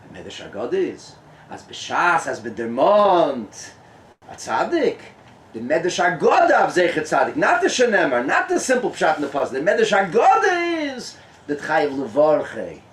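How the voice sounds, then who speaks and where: A man, a rabbi, giving a lively Torah talk at a gathering, mixing in Hebrew and Yiddish terms and laughing often. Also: a little high, moderate pace, a little hiss or hum. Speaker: rabbi, guest speaker. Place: tent. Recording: echoey and distant room sound.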